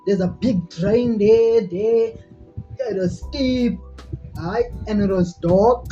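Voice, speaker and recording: Woman, casual storyteller, filler-heavy and giggly; dull lo-fi track, soft music bed. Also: mid-range voice, slow. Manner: rambling, laughing often, many "like" fillers. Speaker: vlogger. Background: faint music.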